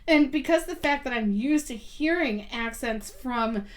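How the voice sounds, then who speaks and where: A woman's voice: high voice, lively intonation, unhurried. A woman guest on a podcast, chatting casually and telling stories with lots of ums and likes, laughing easily. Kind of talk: casual chat.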